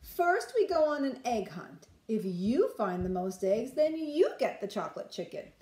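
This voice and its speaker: A woman's voice: high voice, wildly swooping pitch, moderate pace, warm tone, echoey room, voice pushed up. A woman voicing a bossy older-sister girl who scolds her little brother, in a storybook reading. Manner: bossy, sing-song calling.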